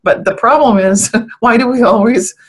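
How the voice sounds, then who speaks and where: A woman's voice: fairly high pitch, moderate pace, breathy edge, low-quality recording. Thoughtful woman guest explaining ideas. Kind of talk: casual interview chat.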